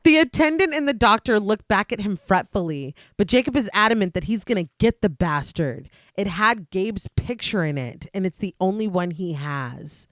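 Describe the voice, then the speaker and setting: A woman podcast host reading a steady, scripted recap of a film's plot, with dry asides. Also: mid-range voice, moderate pace, few pauses, dry recording.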